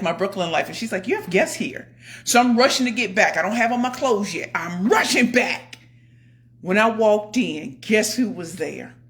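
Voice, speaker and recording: A woman in her forties vlogging from home with a bright, forceful voice. She tells her story in a casual, expressive way, talking straight to her viewers. She moves between loud excitement and soft, confiding asides. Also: medium pitch. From New York area. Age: 40s. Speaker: motivational speaker and vlogger. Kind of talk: casual animated vlog storytelling.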